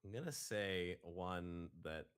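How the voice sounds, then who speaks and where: A man who is a guest on a live show, chatting casually with dry, unhurried jokes. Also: low-pitched, fairly bright tone, clean tone. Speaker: guest voice impressionist. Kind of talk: casual live-stream chat.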